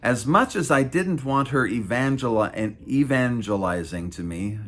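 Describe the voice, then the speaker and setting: A man's voice: medium pitch, expressive, measured pace, fairly bright tone. A man in his fifties reading his own memoir aloud, with wry, self-mocking asides. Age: 50s. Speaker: author.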